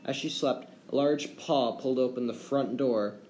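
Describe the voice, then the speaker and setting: A man reading a children's fairy tale aloud as a storyteller, with gentle, expressive delivery. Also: medium pitch, moderate pace. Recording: roomy echo, faint background hum.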